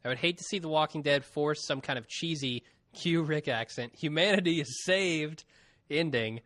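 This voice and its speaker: A man's voice: on the high side, normal speed, fairly bright tone, no room sound. A man co-hosting a podcast, reading listener emails aloud in a casual chat and laughing often.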